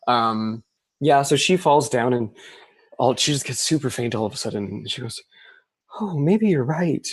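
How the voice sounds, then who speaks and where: A man's voice: medium pitch, normal speed, slightly rough, no echo. A man narrating as game master in a casual tabletop game, with many fillers.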